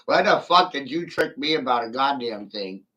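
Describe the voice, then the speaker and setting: A man's voice: medium pitch, expressive, normal speed, sharp tone. A man giving a rambling livestream monologue from his chair, sardonic, swearing freely and laughing between remarks. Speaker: streamer. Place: seated in a chair.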